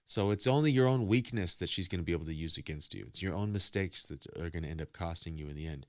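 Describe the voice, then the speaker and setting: A man's voice: low-pitched, quick pace, no room sound, studio quality. A man hosting a casual reaction stream, rambling and preachy as he philosophizes about love and faith. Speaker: streamer host.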